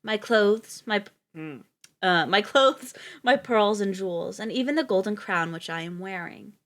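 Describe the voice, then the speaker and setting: A woman's voice: mid-range voice, expressive, moderate pace, a bit bright. A woman voicing a young fairy-tale princess who speaks in old formal phrasing, close to her own voice. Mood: pleading. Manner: archaic formal speech. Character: young princess, spoiled and eager.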